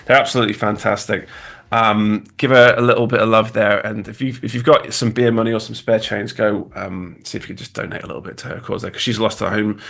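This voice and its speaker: A man's voice: on the low side, steady tone, fast talker, creaky, fairly bright tone. A man from the UK in his thirties with a British accent, chatting casually as a guest designer on a livestream, rambling with many restarts.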